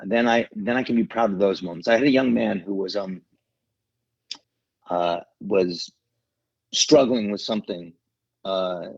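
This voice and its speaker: A middle-aged man, an actor, telling an emotional story in an interview, earnest and halting, with many restarts. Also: on the low side, gravelly, a little mellow, slightly rough, no room sound. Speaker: actor guest. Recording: dull lo-fi sound.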